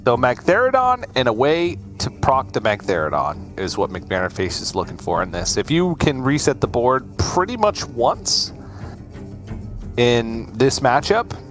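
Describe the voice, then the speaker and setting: A man casting a card game match live, animated and quick to laugh. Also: medium pitch, soft background music. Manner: animated, laughs often, excitable. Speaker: esports caster.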